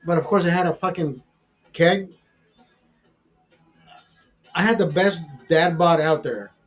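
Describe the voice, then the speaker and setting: Host, fifties, high voice, profane and rambling, faint music underneath. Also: male voice, slow pace. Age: 50s. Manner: rambling, repeats words, swears freely. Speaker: show host. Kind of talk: casual profane storytelling. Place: streaming studio.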